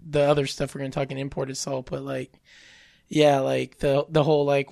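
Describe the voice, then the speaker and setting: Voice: medium pitch, completely flat delivery, moderate pace, gravelly, a little mellow, no echo, studio quality. A podcast co-host in casual chat, making wry points through rhetorical questions.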